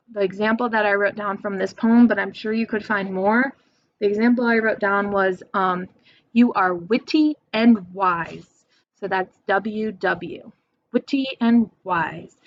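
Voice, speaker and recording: A young woman teaches a poetry lesson to students at home, taking it slowly and spelling out terms. Her voice sits at an ordinary pitch. The recording is dry and a little muffled, as if made on a simple home mic. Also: no echo. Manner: patient, slow and clear, spells words out.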